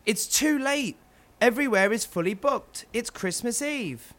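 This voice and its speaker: A man doing an excitable little elf. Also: a little slow, full character voice. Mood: eager. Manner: excitable, high-pitched. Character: eager helpful little Christmas elf. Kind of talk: storybook character voice.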